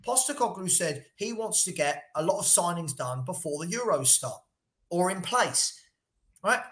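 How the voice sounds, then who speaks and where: A man's voice: high voice, lively intonation, moderate pace, a bit bright, reverberant. A man co-hosting a casual football debate, blunt and passionate, repeating himself when heated. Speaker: football podcast co-host.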